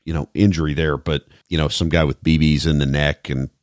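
Man, podcast host, very deep voice, measured and thoughtful, dry close mic. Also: little pitch movement, dry recording. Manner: measured, thoughtful, many fillers. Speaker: podcast host, former trauma responder. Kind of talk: casual podcast conversation.

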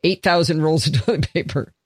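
A man's voice: fairly high pitch, brisk, husky, no room sound, clean studio sound. A man hosting a casual tech podcast chat, joking and laughing easily as he talks. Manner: animated, jokey, laughs often. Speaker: podcast host.

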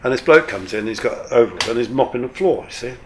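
Brief: older retired pilot, chatty guest, mid-pitched, spins yarns with casual swearing, faint hiss behind. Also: male voice, quick pace. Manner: lively, swears casually, full of restarts. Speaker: guest, retired airline captain. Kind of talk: casual anecdotal storytelling.

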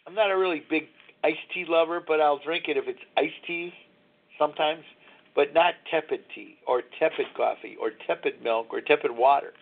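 A man's voice: on the high side, moderate pace, vocal fry. Man in his sixties on a tinny line. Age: 60s. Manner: rambling, confessional, chuckling. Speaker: radio show host. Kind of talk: candid recovery talk show monologue. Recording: tinny phone-line sound.

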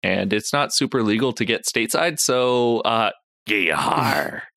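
A man's voice: medium pitch, normal speed, vocal fry, fairly bright tone, no echo. A man co-hosting a podcast in casual chat, with a jokey, dry-humored manner. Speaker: podcast co-host.

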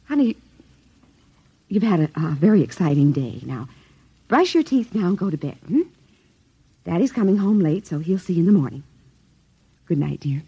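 A woman playing a gentle, anxious mother in a 1950s radio drama, speaking in a soft, soothing motherly tone. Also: on the low side, big pitch swings, normal speed, long pauses, husky, exaggerated voice. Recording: dull old radio broadcast.

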